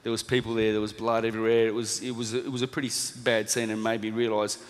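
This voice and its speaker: A man in his thirties with an Australian accent, telling a lively anecdote to a live audience and acting out the lines of the people in it. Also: fairly low pitch, fast talker. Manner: lively storytelling, acting out quoted lines, laughing at himself. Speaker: motivational speaker, former boxer. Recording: reverberant hall.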